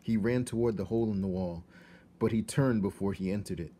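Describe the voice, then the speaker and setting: Man, teacher, storybook read-aloud, low voice, expressive, faint background noise. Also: brisk. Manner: expressive, shifts to hushed tones.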